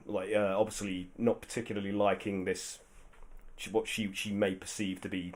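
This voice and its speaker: A man's voice: fairly low pitch, little pitch movement, moderate pace. A man narrating a tabletop game as game master, rambling with many fillers and restarts.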